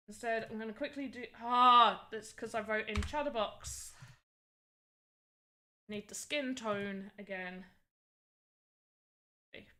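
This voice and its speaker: A woman's voice: fairly high pitch, bright, forceful tone. A young woman chatting casually and rambling on a livestream while she works on voxel art. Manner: chatty, rambling, frequent "like" fillers. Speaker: streamer.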